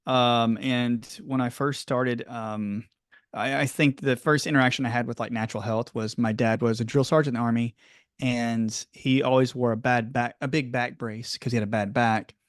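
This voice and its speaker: A middle-aged man chatting as an interview guest, rambling and warm. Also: medium pitch, fairly even intonation, normal speed, no echo, studio quality. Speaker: guest, clinic owner. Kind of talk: casual interview.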